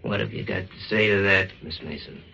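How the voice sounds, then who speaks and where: An actor playing a blunt, steady police detective in a 1940s-style radio drama, talking in a clipped, commanding way. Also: male voice, fairly low pitch, brisk, vocal fry, heavily acted. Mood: questioning. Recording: dull lo-fi old radio recording with faint hiss.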